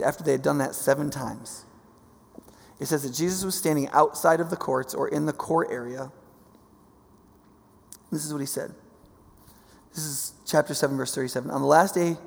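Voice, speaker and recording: A man preaching a sermon, teaching in a casual, animated way with many fillers. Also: sits high, gravelly, big-room sound.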